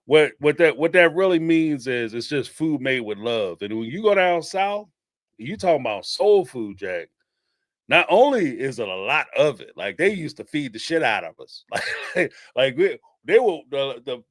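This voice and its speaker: A man's voice: mid-range voice, very animated, moderate pace, dry recording, studio quality. A male host from the northeastern United States with a blend of Northeastern and Southern US accents, telling stories in casual chat, laughing often and swearing casually. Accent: mix of Northeastern US and Southern US. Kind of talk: casual commentary answering viewers.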